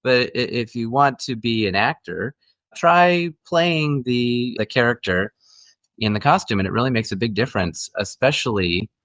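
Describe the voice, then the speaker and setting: A man's voice: mid-range voice, normal speed, a bit bright, no room sound. A middle-aged man, an actor guest, telling stories in a friendly, casual interview chat with frequent restarts.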